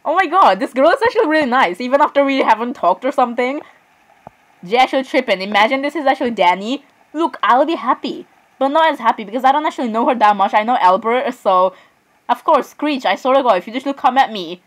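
Young female gamer, chatty and excitable, slightly high voice, casual play-by-play. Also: fast, rough recording. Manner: chatty, excitable, keeps saying "I'm sorry" and "literally". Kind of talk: casual gameplay commentary.

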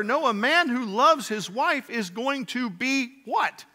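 A male pastor preaching with a high, bright voice that rings through a reverberant sanctuary. He moves from loud, pointed emphasis to hushed, low passages and keeps putting rhetorical questions to the congregation. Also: lively intonation, measured pace. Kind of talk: sermon. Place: church sanctuary.

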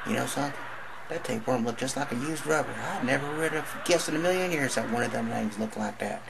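A man's voice: medium pitch, quick pace, vocal fry, noisy background, pitched above the performer's own voice. A man voicing a folksy, matter-of-fact old male country doctor in a stand-up bit. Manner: folksy drawl.

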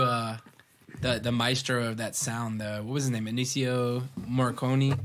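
A hesitant man rambles on a podcast and fills his pauses with uhs. Clear background noise and small clicks run under his medium-pitched voice. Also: flat delivery. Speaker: podcast co-host. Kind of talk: casual chat.

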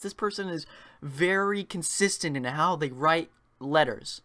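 A man's voice: sits high, animated, moderate pace, vocal fry, pushed and bright, no echo. A man playing a horror game and joking about it in a sarcastic, chatty way. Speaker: let's play host.

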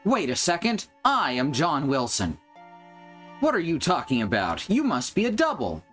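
A man doing a shrill, panicky young boy. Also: wildly swooping pitch, normal speed, a bit bright, faint music behind. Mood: panicked. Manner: shrill and frantic.

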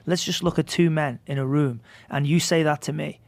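A man's voice: a little high, fairly even intonation, moderate pace, gravelly, darkish tone, no room sound. A man talking on a casual podcast as a guest, reasoning his points out at length in a thoughtful way. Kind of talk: casual chat.

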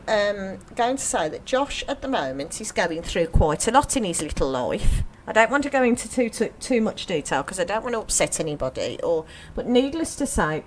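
A woman's voice: mid-range voice, a little hiss or hum. A woman presenting a local radio show in a chatty, teasing way, with frequent ums. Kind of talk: casual radio chat.

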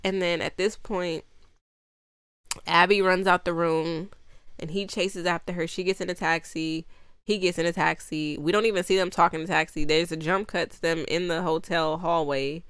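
A woman's voice: on the low side, fairly even intonation, normal speed, a bit bright, smooth, no room sound, studio quality. A woman giving a casual, rambling movie recap, exasperated and often laughing, acting out the characters' lines as she goes. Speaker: movie reviewer.

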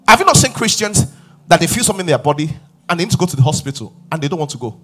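Middle-aged pastor preaching hard, husky voice, swoops way up and down, yells for emphasis. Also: male voice, a little high, sing-song, rapid-fire. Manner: emphatic preaching, rising to shouts. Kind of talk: sermon.

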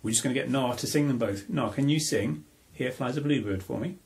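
Man, gravelly voice, medium pitch, children's music lesson at home, encouraging, sing-song. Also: brisk, darkish tone. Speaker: parent teaching music to a child.

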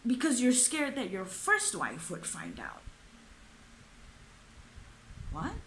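A woman's voice: fairly high pitch, wildly swooping pitch, a little slow, fairly bright tone, a little hiss or hum. A young woman, ranting through a book review, exasperated and swearing, with lots of fillers. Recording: echoey room.

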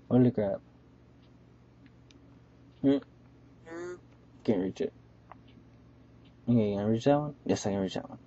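A man's voice: fairly low pitch, measured pace, pauses often, mellow, breathy edge. A man doing casual gameplay commentary, playful, talking to the enemies in the game, recorded on a webcam microphone. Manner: playful, chants repeated words while playing. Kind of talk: casual let's-play commentary. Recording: dull lo-fi webcam mic.

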